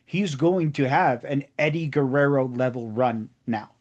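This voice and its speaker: A man's voice: medium pitch, measured pace, darkish tone, dull audio. A man co-hosting a casual review chat, eager and explanatory. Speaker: podcast co-host.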